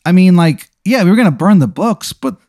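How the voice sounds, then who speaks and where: A man's voice: high voice, animated, fairly quick, a little mellow, voice pushed up. A man voicing a defensive male character who hedges with fillers. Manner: hedging, filler-heavy, raised put-on voice.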